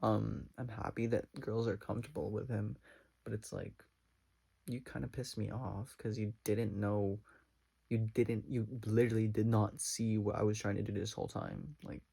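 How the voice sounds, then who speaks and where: A man's voice: lowish voice, level tone, normal speed, creaky, dark tone, slightly rough. A man telling a personal story as a casual vlog storytime, rambling with lots of "like" and retelling it dramatically. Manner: rambling, many "like" fillers. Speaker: vlogger.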